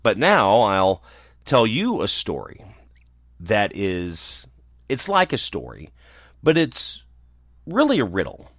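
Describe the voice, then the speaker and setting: A man voicing a quick-witted, forward young male gnome who chatters eagerly in a storybook. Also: on the low side, huge pitch swings, a bit bright, no echo, clean studio sound, full character voice. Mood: chattering.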